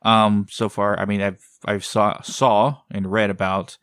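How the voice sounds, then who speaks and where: A man with a low, gravelly voice co-hosts a podcast in loose, casual conversation. He wanders through his thoughts, doubling back mid-sentence. The sound is dry and close to the mic. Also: level tone, unhurried, fairly bright tone, dry recording. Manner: rambling, tangential. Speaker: podcast co-host. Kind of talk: casual chat.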